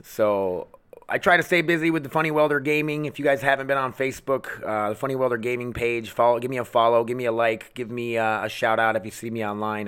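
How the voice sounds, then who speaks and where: A man's voice: medium pitch, fairly bright tone, smooth. A man hosting his own podcast from home, ranting bluntly and angrily with a lot of swearing. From United States. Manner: profane, blunt, goes off on rants. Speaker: podcast host. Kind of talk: angry ranting monologue.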